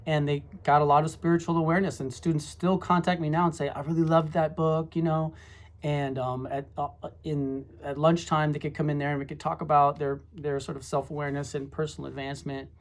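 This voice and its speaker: A middle-aged former high school teacher telling classroom stories in a rambling, reflective way, full of asides. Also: level tone, fairly quick. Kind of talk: casual storytelling monologue.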